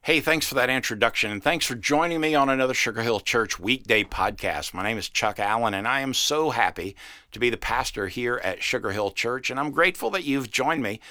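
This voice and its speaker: A man's voice: mid-range voice, animated, fairly quick, bright, forceful tone, dry recording, studio quality. A man, a pastor, giving a short podcast sermon, reading scripture and breaking into folksy, slangy asides.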